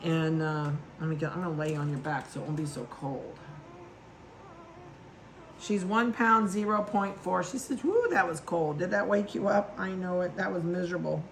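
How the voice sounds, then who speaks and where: A woman's voice: on the low side, steady tone, normal speed, slight background noise. A woman dog breeder chatting casually and affectionately as she handles puppies at an indoor table and talks to them.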